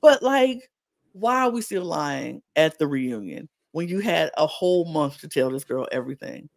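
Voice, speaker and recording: A podcast co-host giving a casual reality-TV recap. The speaker sounds incredulous and animated and repeats lines for emphasis. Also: medium pitch, normal speed, creaky, dry recording.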